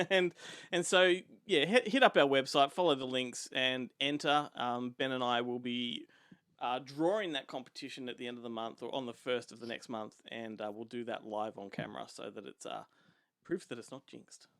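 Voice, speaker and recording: A man's voice: medium pitch, normal speed, dry recording, studio quality. Laid-back man co-hosting. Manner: relaxed, laughs often, hesitant with fillers. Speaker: podcast co-host. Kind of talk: casual chat.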